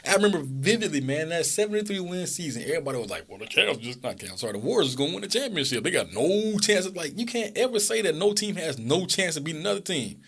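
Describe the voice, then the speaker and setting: A young man co-hosting a podcast, arguing about basketball in a casual, animated way. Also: on the high side, husky. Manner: animated, argumentative, fast-talking. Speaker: podcast co-host. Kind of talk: casual sports debate.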